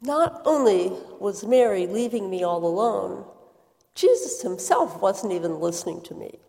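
A woman's voice: medium pitch, a little slow, creaky. A woman playing Martha, a busy and indignant hostess, in an earnest dramatic monologue. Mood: reflective. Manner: earnest, expressive storytelling with quoted outbursts. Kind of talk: dramatic first-person monologue. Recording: reverberant hall.

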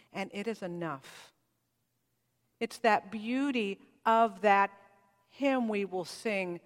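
A woman pastor preaching a sermon in a church, heartfelt and reflective, leaning into some phrases and letting others fall quiet. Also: mid-range voice, long reverb tail.

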